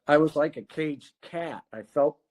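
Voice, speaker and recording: A man telling his recovery story as a podcast guest, candid and halting, with pauses. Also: a little high, a little mellow.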